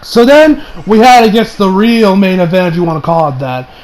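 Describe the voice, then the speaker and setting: A man giving a casual, excitable and profane wrestling review monologue, rambling with restarts. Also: high voice, normal speed, poor audio.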